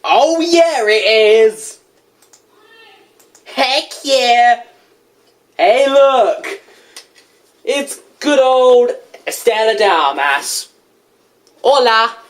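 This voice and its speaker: Excitable woman reacting to videos. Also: fairly high pitch. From United Kingdom. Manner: excitable, chatty, quick to exclaim. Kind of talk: casual reaction commentary.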